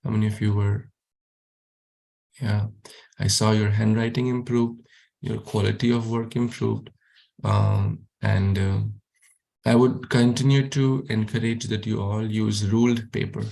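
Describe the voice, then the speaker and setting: A man's voice: lowish voice, flat delivery, measured pace, gravelly, warm tone. A man teaching a youth class over a video call, encouraging students and repeating his questions.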